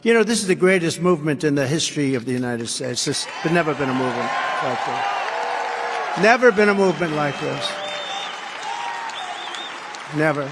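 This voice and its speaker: A man's voice: on the high side, expressive, normal speed, pauses often, over a noisy crowd, very noisy. A man giving a campaign rally speech as a political candidate, emphatic and repetitive, with rambling asides. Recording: long hall reverb.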